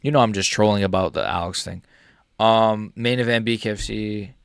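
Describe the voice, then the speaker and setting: A young man reacting live to a fight for his viewers, swinging between yelling insults and muttering in frustration, swearing heavily and talking to viewers by name. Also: fairly low pitch, fairly even intonation, normal speed, gravelly, clean tone, no room sound. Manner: swings between angry shouting and muttered grumbling, heavy swearing. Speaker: MMA streamer reacting live.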